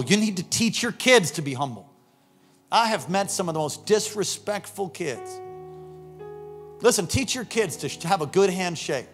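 Middle-aged pastor guy preaching, kinda high voice, tells stories and gets loud. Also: normal speed, faint music behind. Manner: animated, acts out voices in anecdotes, rising to shouts. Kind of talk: sermon with storytelling.

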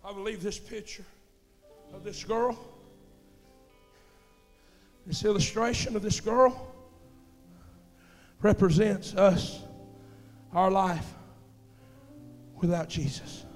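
A male pastor preaching a fervent sermon in a church, swinging between hushed, intimate passages and loud, shouted exhortations. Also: high-pitched, slow pace, long pauses, long reverb tail, soft background music. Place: church sanctuary.

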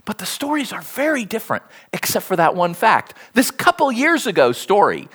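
Preacher for a sermon read, very lively pitch that leaps up and down, animated storyteller. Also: moderate pace, slightly rough. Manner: animated storytelling, acts out quoted speech.

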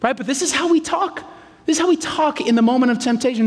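A man preaching a sermon in a lively, animated way, acting out quotes in playful voices. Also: very high-pitched, fast talker. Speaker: pastor. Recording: reverberant hall.

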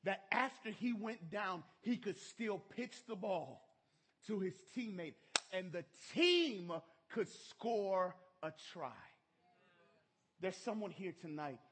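A man's voice: high voice, animated, slow, slightly rough. A middle-aged man preaching a sermon in church, telling a story emphatically. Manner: emphatic storytelling, rising to shouts.

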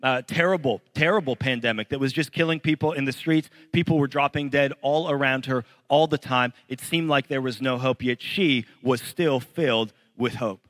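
A man's voice: medium pitch, moderate pace, few pauses, fairly bright tone, no room sound, in a large hall. Male pastor, young adult, sermon, earnest storytelling, dry close sound. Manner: earnest storytelling, rises to pleading intensity. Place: church hall with congregation.

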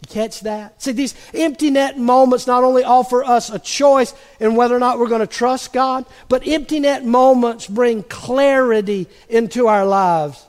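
A man preaching a sermon in a conversational way, acting out the quotes and dropping softly for emphasis. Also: very high-pitched, steady tone. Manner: conversational preaching, acts out quotes, drops to soft pauses. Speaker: pastor. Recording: long hall reverb.

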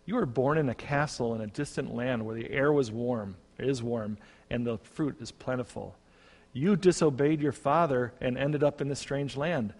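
A man voicing a gentle, patient eldest brother who speaks softly. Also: mid-range voice, normal speed, close to an everyday voice. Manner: soft-spoken, gentle. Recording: long reverb.

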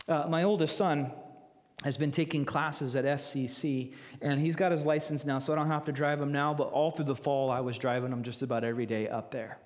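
A middle-aged man preaching a sermon as pastor, emphatic and repeating his phrases for weight. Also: long reverb tail. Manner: emphatic, repeats phrases, rises in pitch when quoting scripture.

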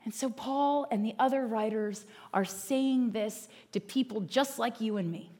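A woman's voice: a little high, unhurried, mellow. A woman pastor giving a sermon in an earnest, conversational way.

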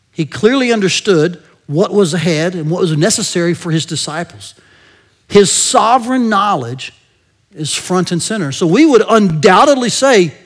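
High-voiced man preaching a conversational sermon. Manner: engaging, asks the listeners rhetorical questions often; drops to a soft murmur at the end of many phrases.

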